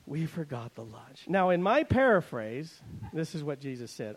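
A pastor preaching a sermon, swinging between loud emphasis and quiet asides, and paraphrasing scripture in a wry, conversational way. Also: male voice, fairly high pitch, big pitch swings, normal speed, hardly any pauses, low-quality recording.

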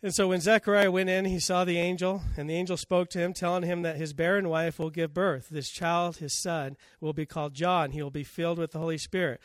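A man's voice: on the high side, steady tone, a little fast, hardly any pauses, no room sound, clean studio sound. A man preaching a sermon, telling scripture stories and acting out the quotes. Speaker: pastor.

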